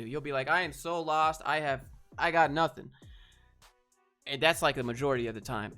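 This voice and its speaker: Man, streamer, casual chat, laid-back, deadpan, low energy.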